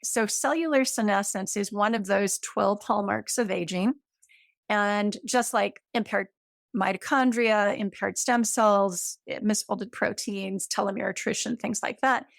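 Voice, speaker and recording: A woman's voice: medium pitch, unhurried, creaky, no room sound, studio quality. A woman in her fifties, a guest in an interview, explaining science with enthusiasm, checking in with "right?" and using everyday comparisons. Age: 50s.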